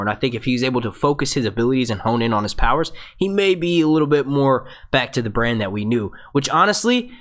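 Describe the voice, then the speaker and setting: Man, show host, live Q&A, rambling, reads viewer questions, ordinary pitch. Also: fairly bright tone. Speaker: host of a fan review show. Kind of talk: live Q&A breakdown. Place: home setup, phone nearby.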